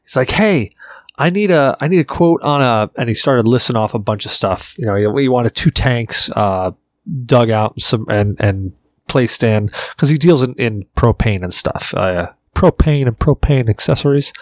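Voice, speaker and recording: A man's voice: lowish voice, moderate pace, dry recording, studio quality. A man from Virginia co-hosting a podcast, telling stories in casual chat with swearing and laughter. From Virginia, United States. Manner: animated storyteller, laughs, swears often. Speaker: podcast co-host.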